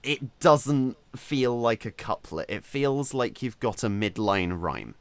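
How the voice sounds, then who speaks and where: A man's voice: mid-range voice, very animated, slow pace. A man co-hosting a casual podcast about writing, giving firm opinions and explaining with emphasis. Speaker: podcast co-host.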